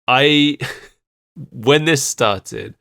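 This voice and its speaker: A man's voice: medium pitch, very slow, vocal fry, sharp tone. A man co-hosting a podcast, casually chatting and often laughing mid-sentence. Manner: giggly, laughs through sentences. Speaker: podcast co-host. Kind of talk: casual chat.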